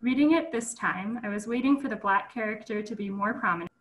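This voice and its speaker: A woman moderating a panel, reading audience questions aloud in a steady way. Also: medium pitch, a little fast, poor audio.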